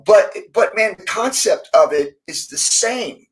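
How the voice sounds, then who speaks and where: A man's voice: high voice, unhurried, rough recording. A middle-aged man, a former fighter, telling stories in a casual interview and acting out the quoted lines of the people in them. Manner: animated storyteller acting out quoted dialogue, many restarts.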